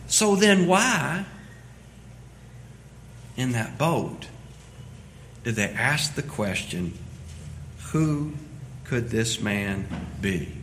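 A man preaching a sermon as pastor, swinging between loud emphatic lines and quiet low asides. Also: sing-song, extremely slow, long pauses, a little hiss or hum. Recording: echoey hall with long reverb.

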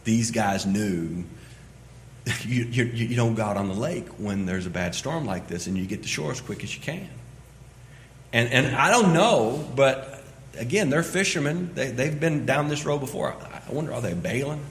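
A man preaching a sermon as pastor, swinging between loud emphatic lines and quiet low asides. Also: expressive, normal speed, slight background noise. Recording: echoey hall with long reverb.

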